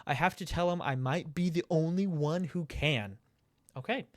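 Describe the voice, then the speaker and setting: A let's play gamer talks through his game at a moderate pace, casually reading chat messages aloud. His voice is a bit high for a man, close and dry without room echo, and he reacts out loud, laughing and occasionally swearing.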